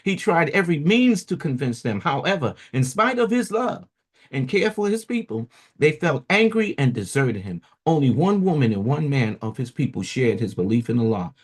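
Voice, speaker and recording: Husky guy reading a book on air, rambly chatty asides, lots of you know. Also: mid-range voice, sing-song, moderate pace. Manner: loose, chatty asides with many fillers. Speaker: radio host reading and commenting. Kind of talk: casual reading with commentary.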